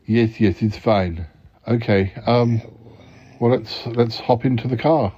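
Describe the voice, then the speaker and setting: A male podcast host in improvised comedy, polite and hesitant, stammering as he talks. His delivery is slow and his tone mellow. The recording sounds dull and lo-fi. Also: mid-range voice, slightly rough.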